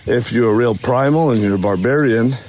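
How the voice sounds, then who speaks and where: A man filming a hype-filled vlog as a fitness influencer, pumped up and jumping around in pitch. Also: fairly quick, darkish tone, slight background noise. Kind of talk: hype self-filmed vlog.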